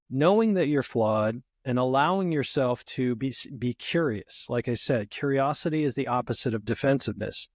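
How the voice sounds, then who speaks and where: A man's voice: medium pitch, no room sound. Reflective man, dry close sound. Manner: reflective, uses many "you know" fillers. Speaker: guest therapist. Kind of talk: conversational podcast interview.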